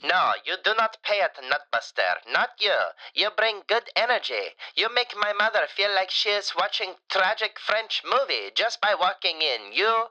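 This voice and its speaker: An actor playing a doting, flamboyant falafel shop owner calling into a radio show, talking in broken grammar with playful deadpan jokes. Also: male voice, high voice, moderate pace, hardly any pauses, muffled recording, exaggerated voice. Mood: effusive. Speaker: caller.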